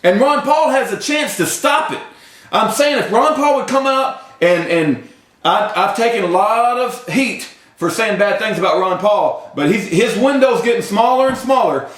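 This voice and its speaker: A man, ranting straight to a camera at home, impassioned and breaking into yelling. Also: high voice, lively intonation, normal speed. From Texas. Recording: roomy echo.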